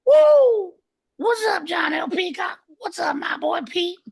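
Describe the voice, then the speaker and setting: A man voicing a rowdy male party guy who phones in, hoarse from screaming and shouting every line. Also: very high voice, measured pace, full character voice. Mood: hyped. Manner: shouting, hyped, raspy.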